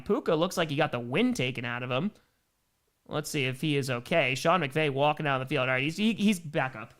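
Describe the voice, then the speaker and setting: Bright excitable male sports streamer. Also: on the high side, brisk. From Milwaukee, Wisconsin. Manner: excitable play-by-play, reads viewer messages. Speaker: host. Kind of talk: live game commentary and chat.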